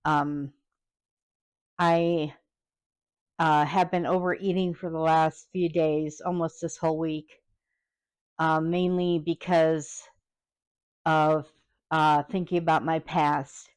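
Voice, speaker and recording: A woman vlogger talking candidly and hesitantly, pausing often and close to tears. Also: sits low, little pitch movement, clear, resonant tone. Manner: halting and hesitant, many pauses; openly vulnerable, close to tears. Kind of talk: candid personal vlog.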